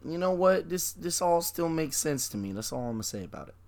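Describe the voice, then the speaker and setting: A man's voice: a little high, very animated, fairly quick, creaky, darkish tone. A man co-hosting a podcast, chatting casually about an anime and reacting with slangy disbelief. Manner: laid-back, incredulous, slangy ("bro"). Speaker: podcast co-host. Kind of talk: casual anime review chat.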